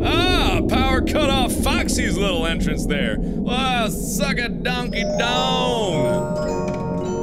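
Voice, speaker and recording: A man giving let's play commentary on a horror game, cursing often, shouting outbursts and muttering to himself. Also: extremely high pitch, big pitch swings, slow. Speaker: gamer playing a horror game. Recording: loud game music over the voice. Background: loud game music.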